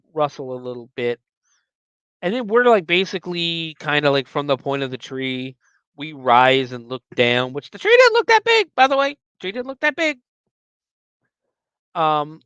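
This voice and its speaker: A man hosts a podcast and recaps a movie in a loose, rambling way. He corrects himself often and acts out the characters' lines. His smooth voice sits a little high, and the close mic keeps the sound dry. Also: no echo, lo-fi sound. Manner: rambling, animated, frequent fillers and self-corrections. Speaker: podcast host.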